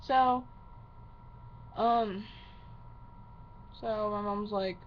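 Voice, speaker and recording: Speaking extremely slowly in a mid-range voice with fairly even intonation, a woman vents a fiery, upset personal rant to camera full of heavy swearing. The vlog audio is muffled and lo-fi, with a faint hiss.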